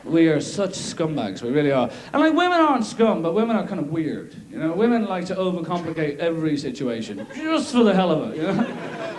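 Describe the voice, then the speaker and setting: An Irish man in his thirties performs stand-up on a theatre stage, sardonic and fond of silly put-on voices. His voice sits high and swoops widely as he talks. A big audience laughs along, and the live recording carries a steady hiss. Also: a little fast, a faint crowd. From Ireland. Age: 30s. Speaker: stand-up comedian.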